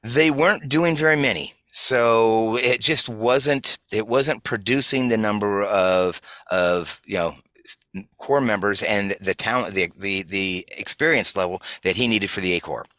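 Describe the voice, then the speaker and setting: A man being interviewed as a guest, calmly recounting his career in a reflective, steady way. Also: on the low side, a little slow, dry recording. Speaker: interview guest, corps director. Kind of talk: casual interview chat.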